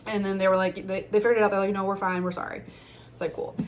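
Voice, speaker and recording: A woman's voice: mid-range voice, flat delivery, very fast, slight background noise. A young woman telling a personal story in a casual vlog, chatty with lots of fillers and restarts. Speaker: storyteller, former bartender.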